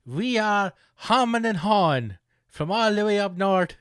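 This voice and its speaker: A man's voice: high voice, lively intonation, measured pace, fairly bright tone, clear, resonant tone, dry recording, studio quality, pitched above the performer's own voice. A man putting on a put-on Irish accent to play a jolly male folk-duo frontman, with hammy, sing-song stage patter. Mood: showy.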